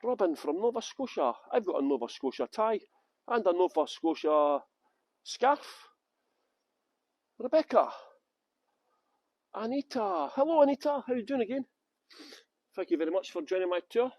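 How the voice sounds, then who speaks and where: A man from West Yorkshire leads a live-streamed walking tour outside on city streets, joking with his viewers and greeting them by name. His voice sits high for a man, and it comes across close and dry with hardly any reverb. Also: expressive, moderate pace, long pauses, darkish tone. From Halifax, West Yorkshire, England. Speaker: tour guide.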